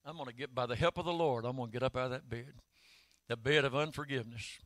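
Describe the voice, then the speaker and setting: An older man, preaching a sermon in a folksy storytelling way that swells into shouted calls. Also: mid-range voice, fast, no room sound. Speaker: pastor.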